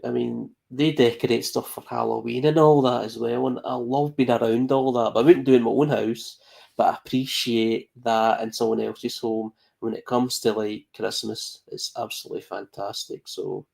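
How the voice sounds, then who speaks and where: A man's voice: mid-range voice, creaky, a little mellow. A man on a live podcast panel, talking casually and rambling with many fillers and restarts.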